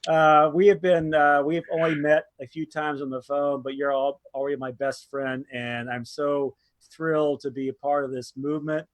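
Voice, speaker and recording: A man in his sixties answering as an interview guest, friendly and easygoing, telling his story in a steady way. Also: on the high side, normal speed, dry recording.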